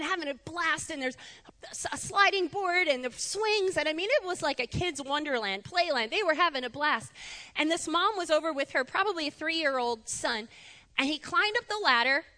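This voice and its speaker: Bright, high-voiced woman preaching. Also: moderate pace, in a large hall. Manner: animated, chatty, laughs often. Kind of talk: conversational sermon. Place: church sanctuary.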